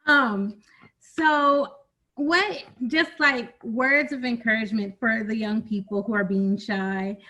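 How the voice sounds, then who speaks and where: A woman's voice: medium pitch, fairly bright tone, lo-fi sound. A woman hosting a webinar over a video call, friendly and a little hesitant. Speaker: webinar host. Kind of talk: webinar moderating.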